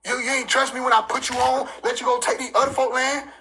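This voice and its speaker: A man's voice: very high-pitched, flat delivery, quick pace, sharp tone, slight background noise, pitched above the performer's own voice, full character voice. A man voicing God as an impatient, scolding male figure who talks in profane street slang. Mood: exasperated. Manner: profane, exasperated.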